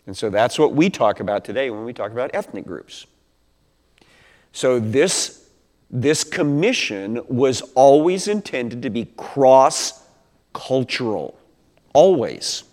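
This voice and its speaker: Conversational preacher in an echoing hall. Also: male voice, mid-range voice. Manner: conversational, rhetorical questions, acts out quotes. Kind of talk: sermon, Bible teaching. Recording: long hall reverb.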